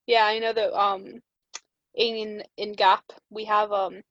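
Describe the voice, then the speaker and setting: A woman's voice: medium pitch, little pitch movement, takes it slowly, fairly bright tone, no room sound, dull audio. A young woman with an Irish accent, chatting casually and telling stories full of "like" fillers and laughter. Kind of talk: casual chat.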